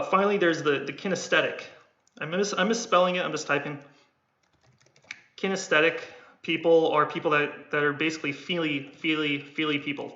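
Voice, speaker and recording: A man with a slightly high, bright, forceful voice gives sales coaching over a casual livestream. He rambles and repeats himself while demonstrating tones of voice, and someone types on a keyboard behind him. It's recorded in an echoey room with dull, lo-fi sound.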